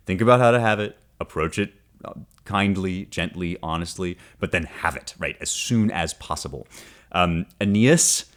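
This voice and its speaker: A man's voice: low voice, moderate pace. A male podcast host teaching a classic poem in a casual, conversational way, often checking in with "right?" and giving wry asides. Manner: wry and animated, reads passages aloud then unpacks them.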